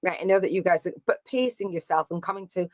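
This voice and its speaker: A woman's voice: on the low side, fast talker, darkish tone, no echo. A woman coaching live on a stream, chatty and rambling with many fillers and restarts. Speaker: business coach.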